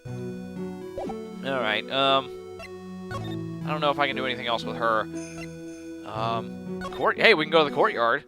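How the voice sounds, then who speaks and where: A man's voice: medium pitch, a little slow, long pauses, music in the background. A man casually commenting while playing a game, rambling and mumbling to himself. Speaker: let's play host.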